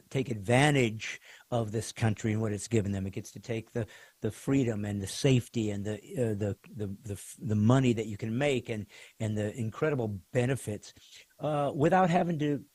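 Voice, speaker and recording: A man's voice: lowish voice, darkish tone, no echo. A male podcast host speaking earnestly in casual conversation, often searching for words.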